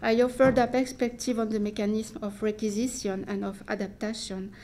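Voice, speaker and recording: A woman's voice: mid-range voice, flat delivery, dark tone. Woman reading a dense academic talk. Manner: careful, deliberate delivery with restarts and hesitations. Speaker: academic speaker.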